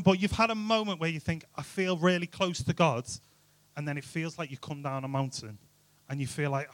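Youth speaker: man, slightly high voice, dry close sound, casual joking delivery. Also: fairly bright tone, dry recording. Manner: chatty, jokey, rhetorical questions. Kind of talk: informal youth sermon.

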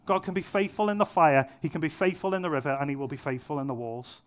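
Speaking quickly, a young preacher gives his church sermon in an easygoing, chatty manner with jokes at his own expense. His voice is somewhat higher than most men's, and he repeats himself to drive each point in.

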